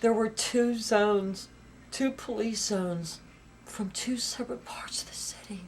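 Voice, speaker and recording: Woman interviewee, raw first-person testimony, halting repeats, swings loud to whispered. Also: mid-range voice, slight background noise. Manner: halting, repeats phrases, grows intense and loud, drops to whispers.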